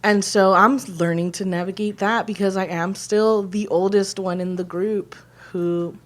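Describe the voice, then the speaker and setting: Her voice is medium-pitched with fairly even intonation and a slightly slow pace. She is a woman in her thirties co-hosting a podcast, rambling emotionally with plenty of fillers in a casual, heartfelt conversation while trying not to cry.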